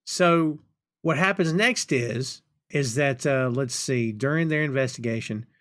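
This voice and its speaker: A man's voice: medium pitch, unhurried, a bit bright, no room sound, studio quality. A man hosting a podcast, chatting casually and retelling film scenes with laughter. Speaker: podcast host.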